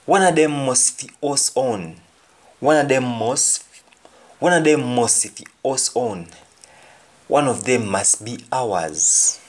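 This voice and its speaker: Slow, deliberate Jamaican man teaching. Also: medium pitch, expressive. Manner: repeats phrases slowly, then translates. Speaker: language teacher. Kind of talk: slow spoken language lesson.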